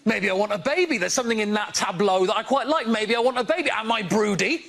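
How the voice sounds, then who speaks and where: A man's voice: sits high, expressive, quick pace, gravelly, a bit bright. A man telling self-mocking stand-up stories in a chatty way. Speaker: stand-up comedian. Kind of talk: stand-up set.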